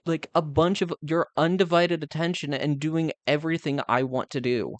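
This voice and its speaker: A man's voice: on the high side, normal speed, hardly any pauses, dry recording. A young man chatting casually as a live streamer, speaking candidly and rambling with lots of filler words. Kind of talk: casual chat.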